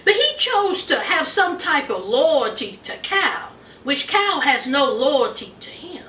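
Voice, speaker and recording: High, bright-voiced woman gossiping through a recap. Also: sing-song, takes it slowly, slight background noise. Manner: chatty, sassy, calls the listener honey and girl. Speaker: reality TV recap host. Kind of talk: casual gossipy episode recap. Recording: roomy sound, voice from a distance.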